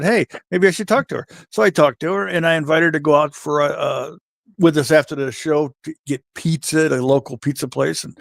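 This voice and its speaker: An older man, a former wrestler, telling lively anecdotes as a podcast co-host and jumping into high voices to quote people. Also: creaky, dry recording, clean studio sound. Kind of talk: casual storytelling chat.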